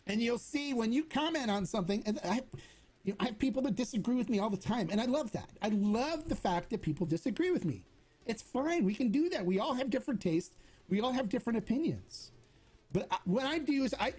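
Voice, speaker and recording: A man's voice: high-pitched, a little mellow, breathy edge. A middle-aged man hosting a casual livestream Q&A, talking in a chatty, rambling way with many restarts. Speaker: host of a tequila channel.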